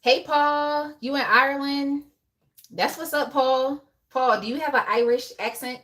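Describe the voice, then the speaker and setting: A woman's voice: high voice, steady tone, unhurried, fairly bright tone. Chatty woman doing a live tarot reading. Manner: chatty, laughs often, talks to chat viewers by name. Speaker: tarot reader on a live stream.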